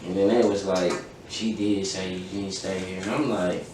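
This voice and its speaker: A man's voice: low-pitched, steady tone, moderate pace. A young adult man telling a personal story in casual, profanity-heavy podcast chat, acting out the dialogue as he goes. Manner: profane, emphatic, recounting events with quoted dialogue. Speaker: podcast host. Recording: very echoey room, distant mic, faint noise.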